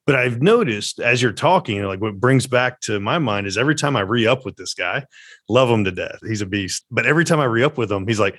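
A man's voice: mid-range voice, expressive, brisk, fairly bright tone. A man who works as a business coach, agreeable and reflective, in a podcast conversation.

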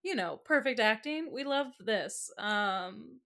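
A woman's voice: fairly high pitch, lively intonation, slow, creaky, sharp tone. A woman in a casual podcast chat, adding wry asides and frequent giggles.

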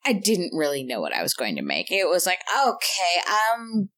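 A woman in casual podcast chat, telling an animated, laughing story about a tabletop game character. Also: low voice, fast talker. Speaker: podcast co-host, tabletop gamer.

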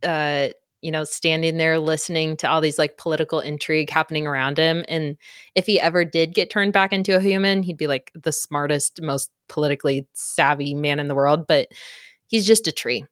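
A woman's voice: low voice, fairly even intonation, fairly quick, clean tone, no echo, clean studio sound. A woman co-hosting a book club podcast, recapping a novel in casual chat, laughing often and swearing freely.

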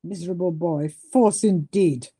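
A woman's voice: on the low side, moderate pace, warm tone, husky, voice pushed down. A woman reading a pompous old aristocrat. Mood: indignant. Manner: haughty, indignant. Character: old-fashioned older male aristocrat, pompous, indignant. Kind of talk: dramatic reading of a novel.

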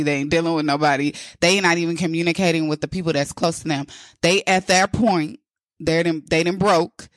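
A woman's voice: on the low side, a bit bright, dry recording, studio quality. Frank, conversational woman podcast host. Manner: frank, conversational, repeats phrases for emphasis. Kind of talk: casual spoken monologue.

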